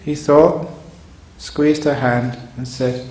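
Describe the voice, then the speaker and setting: A man's voice: mid-range voice, moderate pace. A man, a monk, giving a sermon in a chuckling, digressive storytelling manner, recorded in a meditation hall. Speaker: monk giving a Dharma talk. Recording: roomy hall with faint hum.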